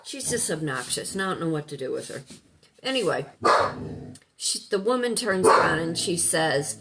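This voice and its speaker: A woman's voice: low-pitched, animated, normal speed, gravelly, heavy background noise. A woman life coach talking casually at home, rambling and conversational, who breaks off now and then to scold her dog. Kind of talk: casual spoken monologue.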